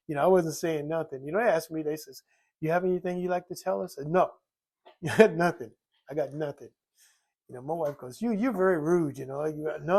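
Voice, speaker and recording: Gravelly man telling his recovery story. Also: on the high side. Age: older. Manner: rambling, many "you know" fillers, acts out quoted voices. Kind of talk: personal recovery testimony.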